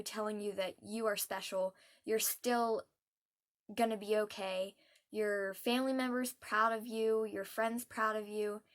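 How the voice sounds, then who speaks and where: A young adult woman vlogging heartfelt advice, earnest and soft-spoken, pausing often with hesitant ums. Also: medium pitch.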